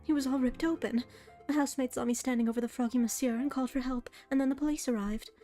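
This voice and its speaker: A woman voicing a young, naive noble girl who is a cat, high and chirpy. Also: fairly even intonation, quick pace, lightly acted. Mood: sweet, chirpy. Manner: bright, chirpy and polite.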